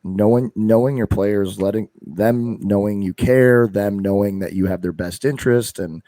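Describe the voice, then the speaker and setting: Man, podcast host, low voice, casual agreeing chat, dry close mic. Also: fairly even intonation, moderate pace, dark tone, no echo. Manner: agreeing, reflective follow-ups.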